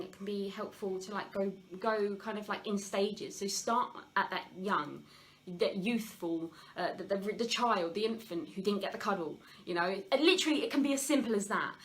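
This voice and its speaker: Speaking candidly about her own history, a woman leads a live health Q&A full of filler words and fresh starts. Her medium voice has a fairly bright tone, caught on a rough recording.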